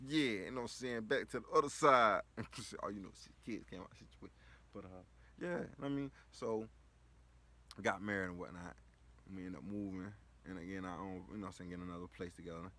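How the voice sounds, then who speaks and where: A man's voice: lowish voice, gravelly, a bit bright. A man casually telling a story, rambling and slangy, with lots of filler phrases. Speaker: vlogger.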